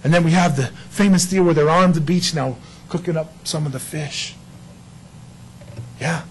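A man's voice: fairly high pitch, normal speed, a little hiss or hum, low-quality recording. A man preaching a casual, storytelling sermon who acts out quoted characters and laughs often.

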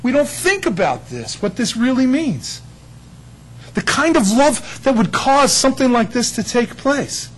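A man's voice: extremely high pitch, big pitch swings, measured pace, husky, low-quality recording. A man preaching a sermon, telling stories with laughter and acted-out quotes. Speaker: pastor.

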